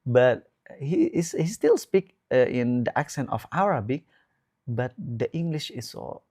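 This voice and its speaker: Male Islamic teacher, Indonesian accent, unhurried drawn-out delivery, friendly guest tone. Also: mid-range voice, animated, mellow. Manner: measured, drawn-out emphatic phrasing with frequent restarts. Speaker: ustadz guest giving advice. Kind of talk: relaxed preaching talk.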